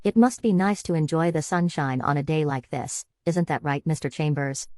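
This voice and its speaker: A woman's voice: sits low, normal speed, mellow, dry recording, clean studio sound, close to an everyday voice. A woman voicing a huge, menacing mobster in an audiobook, mocking and formal. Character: massive menacing male mob enforcer, coldly polite.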